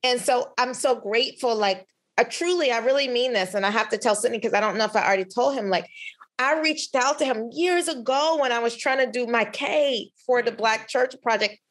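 Woman podcast guest, candid and emphatic, voice a touch high, lots of restarts. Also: fairly quick. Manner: expressive, emphatic, with frequent restarts. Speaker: podcast guest, physician researcher.

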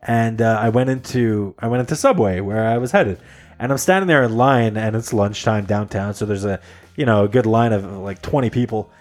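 A Canadian man with a Canadian accent, hosting a podcast and telling anecdotes in a laid-back, animated way. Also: on the low side, moderate pace. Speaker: podcast host. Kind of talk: casual chat.

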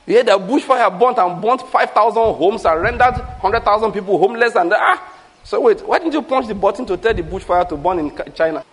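High-voiced Nigerian preacher, animated. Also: male voice, fast, husky, rough recording. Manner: animated, repetitive preaching with humorous asides. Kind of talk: sermon.

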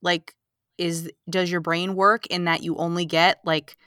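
A woman co-hosting a casual movie podcast, recapping the plot in an animated, sarcastic way and acting out the characters' lines. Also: lowish voice, a little slow, clean tone, no room sound, clean studio sound. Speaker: podcast co-host.

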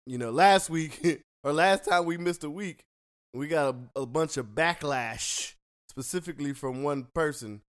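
A man's voice: fairly high pitch, unhurried. A man hosting a casual podcast from a home studio, loose and joking, laughing often. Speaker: podcast host.

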